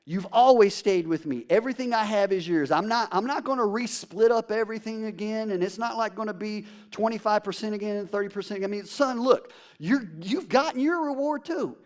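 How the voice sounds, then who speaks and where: A man's voice: sits high, brisk, hardly any pauses, voice pushed up, natural voice. A pastor speaking as a tender pleading father. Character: loving, pleading father, older man, joyful.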